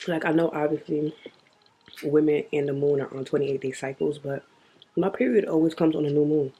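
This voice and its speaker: Young woman vlogger, dark mellow tone, frank and profane. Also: sits low, steady tone, moderate pace, slightly rough. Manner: blunt, profane, chatty. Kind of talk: casual video diary chat.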